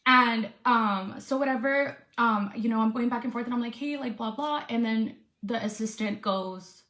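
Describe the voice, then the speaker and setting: A woman's voice: a little high, normal speed, hardly any pauses, a bit bright. Woman influencer, storytime vlog, nervous and upset, roomy echo. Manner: upset, venting with swearing. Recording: echoey room.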